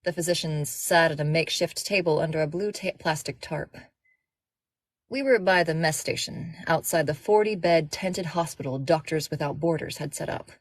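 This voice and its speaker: A woman in her thirties who narrates audiobooks, chatting eagerly with viewers before she reads. Her voice sits a little low. The sound is dry and close to the mic. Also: normal speed, no echo. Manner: chatty, warm-hearted fan enthusiasm. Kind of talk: casual livestream chat and audiobook reading.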